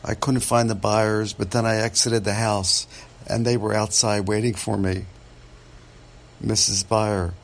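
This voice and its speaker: A man, a real estate agent, telling a true story from his work in a measured, dramatic way. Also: fairly low pitch, flat delivery, creaky. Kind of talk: first-person storytelling podcast.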